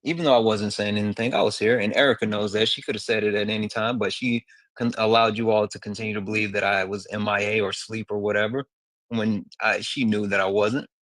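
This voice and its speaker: A man co-hosting a live debate panel, talking in a loud, teasing way. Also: lowish voice, steady tone, quick pace, no room sound. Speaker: live stream panel co-host. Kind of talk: casual debate chat.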